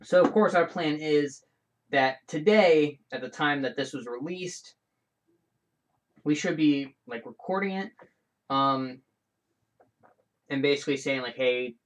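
A man with a slightly raised speaking voice hosts his own show, talking casually and alone. He rambles from point to point, animated, backtracking and restarting his sentences as he goes. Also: a little high, measured pace, long pauses. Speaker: show host. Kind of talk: casual solo podcast chat.

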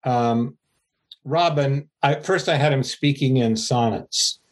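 An older man, an author, giving a slow, rambling, self-deprecating interview answer. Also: mid-range voice.

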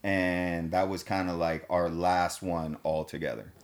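Laid-back swearing man, low voice. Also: level tone, a little slow. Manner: laid-back, profane, slangy, says "dude" and "man" a lot. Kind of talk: casual storytelling.

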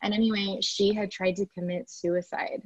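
A woman's voice: medium pitch, little pitch movement, normal speed, no echo. Chatty woman telling a personal story. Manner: chatty, many fillers like "like" and "you know". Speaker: podcast guest. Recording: dry, slightly dull recording.

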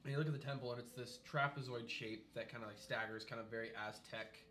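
A man's voice: medium pitch, steady tone, fast, sharp tone, a little hiss or hum. A man narrating a tabletop game as game master, describing scenes in a loose, rambling way with many fillers.

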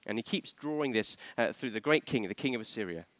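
Male preacher, animated sermon delivery, bright voice, dry close sound. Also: mid-range voice, fast talker, dry recording. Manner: animated, questioning the congregation, acts out quoted voices.

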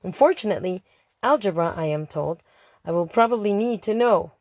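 A woman's voice: mid-range voice, animated, brisk, darkish tone, dry recording. A woman reading a first-person diary as an audiobook, chatty, dramatic and exasperated. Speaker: audiobook narrator.

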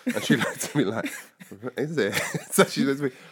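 A man in his sixties from England, telling his life story in a lively conversational way and acting out the voices of people he remembers. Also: medium pitch, quick pace, breathy edge.

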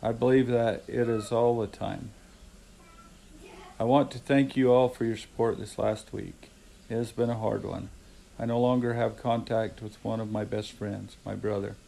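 Earnest fatherly man with a gravelly voice. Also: on the low side, steady tone, normal speed, mellow, rough recording. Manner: earnest, heartfelt and devout. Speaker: father of the hosts. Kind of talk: reading his letter aloud, then chatting.

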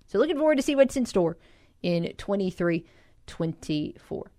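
A woman's voice: mid-range voice, big pitch swings, moderate pace, warm tone, no echo. Woman, sports radio co-host, casual chat, dry studio voice. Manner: chatty, self-deprecating, laughs easily.

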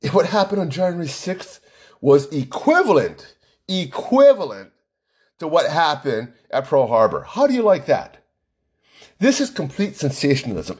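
A man rants through a political monologue, firing rhetorical questions and sarcastic asides. His husky voice sits a little high and swoops up and down with emphasis. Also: a little mellow. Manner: indignant, rhetorical questions, sarcastic mock quotes. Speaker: political commentator. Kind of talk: opinionated monologue.

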